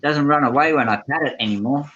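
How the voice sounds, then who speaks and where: A man co-hosting a casual livestream chat, cheerful and quick to laugh. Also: a little high, fairly bright tone. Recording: dull lo-fi stream audio with faint noise.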